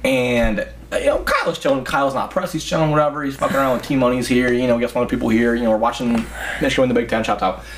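A man's voice: mid-range voice, very fast, a little hiss or hum. A young man telling a long party story in casual chat, rambling and swearing as he goes. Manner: profane, rambling, animated retelling. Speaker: podcast host telling a story.

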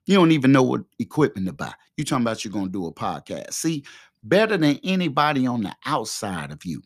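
Male podcast host, fervent and preachy, close mic in a dry, quiet room. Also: mid-range voice, big pitch swings, fast, no room sound. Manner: fervent, preachy, repetitive exhortations. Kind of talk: motivational preaching monologue. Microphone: close podcast microphone.

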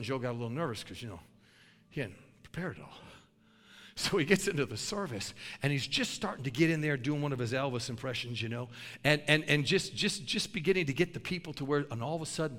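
A man preaching a sermon with animated, folksy storytelling that builds to shouting. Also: medium pitch, fast talker. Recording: long hall reverb.

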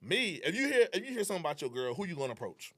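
Fast-talking young man telling a story. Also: fairly high pitch. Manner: animated, reenacting dialogue; slangy and profane. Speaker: guest. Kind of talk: casual storytelling.

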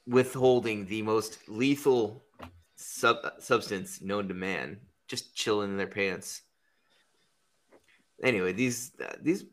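A man's voice: on the low side, a bit bright. A man hosting a podcast, rambling through crude, profane comedic banter and laughing at his own jokes. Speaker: podcast host.

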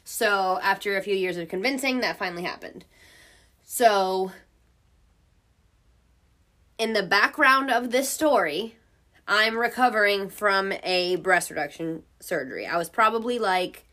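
A woman's voice: medium pitch, unhurried, long pauses, sharp tone. A young woman hosting a podcast, telling a personal story in a frank, profane way and laughing often. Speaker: podcast host. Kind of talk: casual storytelling.

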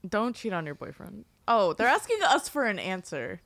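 A woman's voice: mid-range voice, sing-song, normal speed, creaky, fairly bright tone, no echo. A woman hosting a casual podcast chat, giggly and blunt, swearing freely. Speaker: podcast host.

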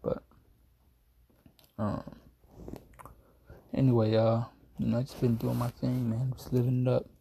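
A man's voice: medium pitch, flat delivery, a little slow, creaky, long pauses, dark tone, a little hiss or hum. A young man hosting a casual solo podcast from home, groggy and yawning after a nap, rambling in a laid-back, jokey way. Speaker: podcast host.

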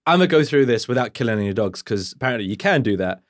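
A man's voice: medium pitch, rapid-fire, no echo, studio quality. A man chatting casually, acting out game moments as he tells them. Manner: animated storyteller, acts out scenes. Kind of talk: casual chat.

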